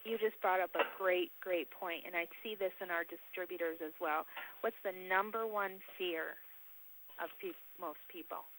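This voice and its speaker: A woman sales trainer giving a training talk as an animated storyteller. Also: lowish voice, a little fast, few pauses, slight background noise, rough recording.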